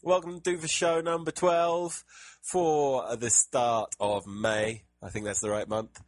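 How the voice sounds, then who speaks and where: A man's voice: medium pitch, level tone, slow, no room sound. An English man co-hosting a podcast, chatting casually and joking about himself, with frequent laughs. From England. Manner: jokey, self-deprecating, laughs often. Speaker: podcast co-host. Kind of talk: casual chat. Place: home in Japan.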